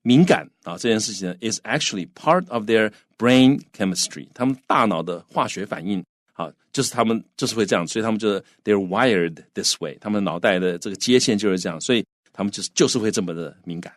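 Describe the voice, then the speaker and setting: Low-voiced man teaching English phrases. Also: no room sound, studio quality. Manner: explains phrases slowly, repeating and translating. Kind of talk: bilingual language lesson.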